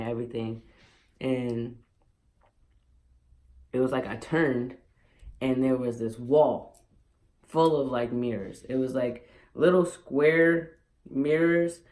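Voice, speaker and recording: A man's voice: mid-range voice, a little mellow. A young man vlogging at home, telling a personal story in a candid, emotional way with many fillers.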